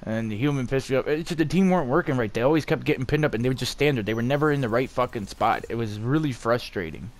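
A man's voice: medium pitch, fast talker, few pauses. Swearing, frustrated gamer man. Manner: frustrated, swearing, raging at the game. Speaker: gaming YouTuber. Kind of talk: live gameplay commentary.

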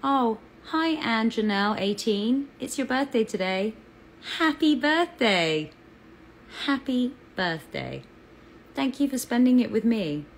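A woman's voice: on the high side, animated, a little slow, slight background noise, low-quality recording. A woman with an English accent chatting on a live fan Q&A, bubbly and talkative as she greets viewers. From England. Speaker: actress answering fan questions.

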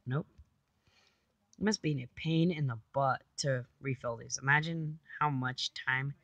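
A woman's voice: extremely low pitch, measured pace, fairly bright tone, no echo, dull audio. A woman casually commenting on her own gameplay, chatty, talking to herself and repeating silly phrases. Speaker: gamer.

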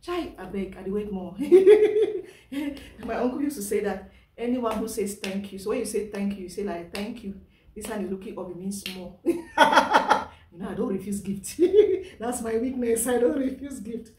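A woman's voice: mid-range voice, lively intonation, normal speed, darkish tone, far from the mic, a little hiss or hum. A young woman with a Nigerian accent, chatting through a casual unboxing vlog, laughing often and slipping into Pidgin. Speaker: vlogger. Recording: echoey room, voice off-mic.

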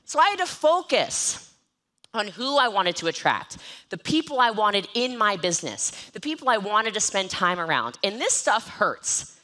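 A woman giving an energetic, joking motivational talk on network marketing from an event stage, often mocking herself. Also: medium pitch, normal speed. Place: event stage with live and online audience.

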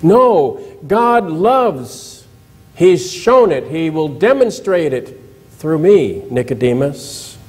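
A man's voice: on the high side, very animated, takes it slowly, darkish tone, low-quality recording. A male pastor giving a church sermon in a conversational way, asking the congregation questions and retelling scripture with dramatized quotes.

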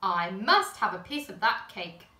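A woman's voice: mid-range voice, big pitch swings, sharp tone, full character voice. A woman voicing a stern, bossy mother elephant in a read-aloud picture book. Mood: sheepish. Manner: stern, brisk and firm. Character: bossy mother elephant on a strict diet kick. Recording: echoey room, camera at a distance.

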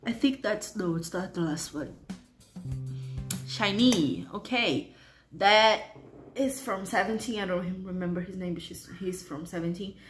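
A woman's voice: medium pitch, a little slow, roomy sound, faint music behind. A woman hosting a reaction video, talking casually and unsure of herself, muttering guesses and often laughing.

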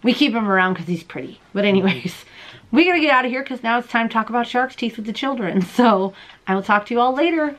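A woman's voice: on the high side, lively intonation, fast. A woman hosting a crochet and knitting podcast from home, chatting to the camera in a bubbly, self-deprecating way and laughing often. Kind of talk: casual chat to camera. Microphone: camera in front of her.

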